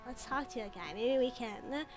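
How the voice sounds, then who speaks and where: A woman's voice: a little high, lively intonation, moderate pace, music in the background. A woman streamer chatting and giggling while reading game text aloud, in casual gameplay commentary.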